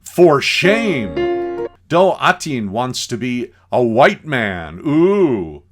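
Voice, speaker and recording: Lecturer doing a stern, scolding old medicine man, slow and swooping. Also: medium pitch, sing-song, over music. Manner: scolding, solemn.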